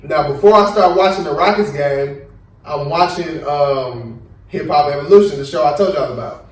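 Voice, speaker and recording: Young male podcast host, casual and animated, acts out quotes; recorded off-mic in a roomy echo. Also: on the high side, normal speed, recorded from a distance. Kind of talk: casual chat. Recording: echoey room, voice a bit off-mic.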